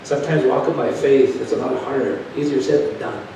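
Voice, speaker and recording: A male preacher telling a testimony in an animated storytelling manner, swinging from hushed to loud. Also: fairly quick. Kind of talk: sermon testimony. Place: church. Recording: echoey church from a distant mic with background rumble.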